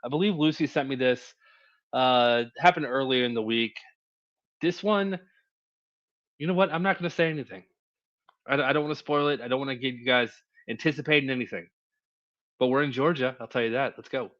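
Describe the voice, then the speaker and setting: Casual male commentator, chatty with restarts, mid-pitched, slightly muffled recording. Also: brisk, long pauses, a bit bright. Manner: chatty, stumbling over words. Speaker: show host reacting to court videos.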